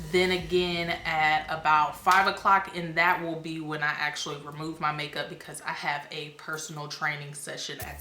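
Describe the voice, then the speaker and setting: A woman's voice: sits low, pushed and bright, echoey room. A young woman chatting casually in a rambling, self-amused way as a beauty vlogger, a little out of breath. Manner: chatty, rambling, laughs at herself. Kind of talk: casual vlog chat.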